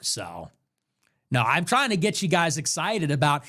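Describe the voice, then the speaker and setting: A man hosting a livestream, delivering an emphatic, declamatory political monologue that builds to shouts. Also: a little high, wildly swooping pitch, unhurried. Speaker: livestream host.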